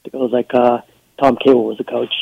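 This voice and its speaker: A man calling a sports radio show, relaxed and hesitant, over a dull phone line. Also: mid-range voice, brisk, vocal fry, breathy edge. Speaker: caller. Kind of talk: phone-in chat.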